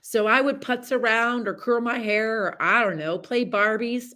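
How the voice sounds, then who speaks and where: A woman hosting a podcast, talking in a casual, chatty motivational monologue with many fillers and lively storytelling. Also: fairly high pitch, normal speed. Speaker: podcast host.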